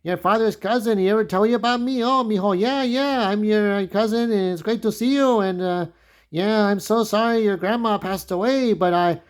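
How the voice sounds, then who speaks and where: A man's voice: high voice, normal speed, voice pushed up, lightly acted. A man voicing an eager, overfamiliar older male cousin who gushes greetings and repeats himself. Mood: friendly eager.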